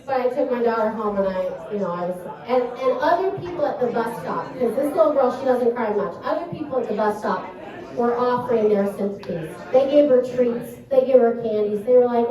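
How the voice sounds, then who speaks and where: A woman's voice: on the high side, darkish tone. Rambling woman doing stand-up. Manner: rambling, self-deprecating, halting storytelling. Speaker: comedian. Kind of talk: stand-up comedy set. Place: small comedy club stage. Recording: echoey club heard from a distance.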